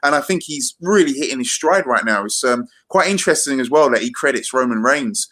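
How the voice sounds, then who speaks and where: A man in an easygoing podcast chat feels his way through each thought. He pauses on fillers and restarts his phrases often. His voice sits at an ordinary middle pitch. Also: expressive, sharp tone. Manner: hesitant, many fillers and restarts. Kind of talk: casual chat.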